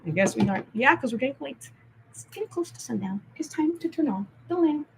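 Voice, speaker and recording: A woman on a rambling livestream rant, swinging erratically from mutters to shouted, sing-song accusations full of swearing. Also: sits high, lively intonation, a little fast, gravelly, far from the mic, noisy background. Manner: profane and accusatory. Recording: echoey room, voice off-mic.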